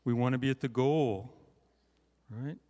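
A man's voice: medium pitch, measured pace, dark tone. Man preaching in a reverberant hall. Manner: conversational, self-deprecating, frequent "right?" asides. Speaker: conference speaker. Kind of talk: sermon.

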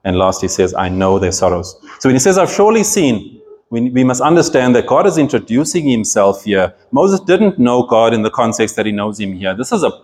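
A man's voice: mid-range voice, animated, brisk, hardly any pauses, a little mellow. A man preaching a sermon, reading scripture aloud and explaining it with earnest emphasis and frequent restarts.

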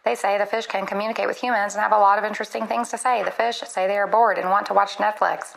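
A woman's voice playing an earnest, literal chatbot assistant in a comedy skit, polite and quick to apologize. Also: medium pitch, little pitch movement, vocal fry, rough recording.

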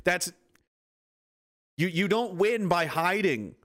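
A man's voice: sits high, animated, takes it slowly, a bit bright. A man delivering a fierce, profane motivational rant, swearing freely and hammering his points with repetition.

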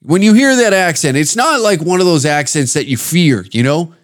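A man's voice: a little high, animated, moderate pace. A man from Canada hosting a podcast, ranting in a crude, rambling comedic way and slipping into put-on voices. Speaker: podcast host. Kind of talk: casual comedic rant.

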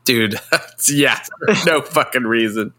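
A man's voice: mid-range voice, slow, sharp tone. A man in casual chat, chiming in with profane, laughing remarks about a movie. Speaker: podcast co-host.

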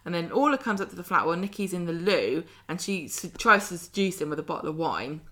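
A woman with a southern English accent recaps a soap episode in casual, animated chat, full of sarcastic asides. Her voice sits a little low but has a bright, forceful edge. She talks as a co-host in an easy back-and-forth. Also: fast talker. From southern England. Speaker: podcast co-host.

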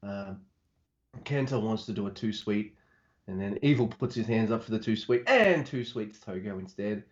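A man's voice: on the low side, expressive, normal speed. A man co-hosting a casual wrestling podcast, laid-back and recapping matches with dry jokes. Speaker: podcast co-host. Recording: slightly dull lo-fi audio.

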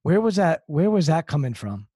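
A man with a somewhat high voice who asks curious follow-up questions as an interviewer. His sound is close and dry, with no room around it. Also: big pitch swings, normal speed, dark tone, dry recording. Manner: curious, follows up on the guest's answers.

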